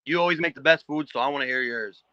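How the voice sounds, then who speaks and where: Man with a northeastern US accent, very fast and bright, dull lo-fi remote audio. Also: a little high, no echo. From Pennsylvania. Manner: brief quick interjections. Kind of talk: casual chat on a live stream.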